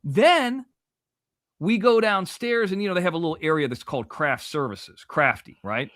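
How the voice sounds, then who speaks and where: Man in his 40s from Florida, a guest spinning a long yarn with a raised pitch and lively swings, swearing freely in a dry, close recording. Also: moderate pace, no room sound. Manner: animated, profane, lots of restarts and asides. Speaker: guest storyteller. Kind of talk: casual podcast storytelling.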